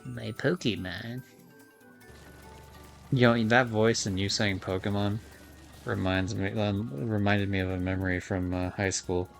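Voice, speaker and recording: A man's voice: on the low side, steady tone, moderate pace, creaky, faint music behind. A young man streaming a kart racing game, chatting casually in a rambling way, full of fillers and swearing. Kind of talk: casual gameplay commentary.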